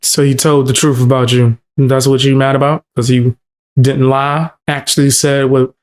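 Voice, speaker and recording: Man, mid-pitched, slangy, blunt, dismissive commentary. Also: flat delivery, normal speed. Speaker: commentary channel host. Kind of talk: casual reaction commentary.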